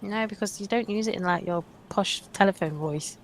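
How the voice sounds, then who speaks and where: A woman's voice: mid-range voice, moderate pace, a little hiss or hum. A woman co-hosting a gaming stream, chatting casually in a blunt, teasing way and swearing freely. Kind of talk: casual chat while gaming.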